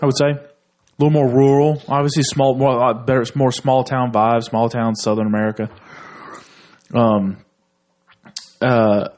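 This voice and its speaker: A man's voice: mid-range voice, flat delivery, normal speed, darkish tone. A young man from Tennessee, co-hosting a podcast and telling rambling, profane stories between laughs. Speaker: podcast co-host. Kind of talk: casual comedic chat.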